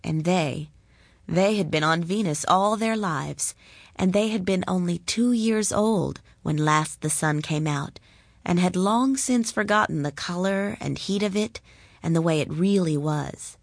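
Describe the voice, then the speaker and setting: Slow, measured woman reading a story. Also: lowish voice, vocal fry, no room sound, clean studio sound. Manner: calm, measured and deliberate. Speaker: narrator. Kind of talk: storybook read-aloud.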